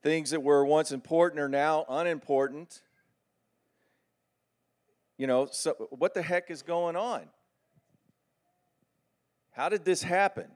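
A middle-aged man preaching a sermon with animated, folksy storytelling. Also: fairly high pitch, takes it slowly, long pauses.

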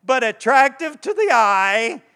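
A man voicing a wicked green witch casting a spell, with a shrill, gloating, sing-song delivery. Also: big pitch swings, a little slow, bright, forceful tone, smooth, heavily acted.

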